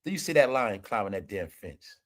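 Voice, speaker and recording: A man's voice: fairly low pitch, sing-song, fairly quick. A man hosting an entertainment commentary show, ranting emphatically and profanely straight to his viewers. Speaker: commentary channel host.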